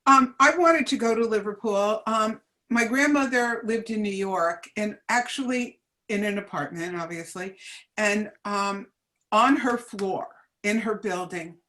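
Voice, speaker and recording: A woman's voice: medium pitch, a little slow, bright, forceful tone. A woman in her seventies from New Jersey, reminiscing as an interview guest, hesitant, with many ums and restarts. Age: 70s. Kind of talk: casual reminiscing chat.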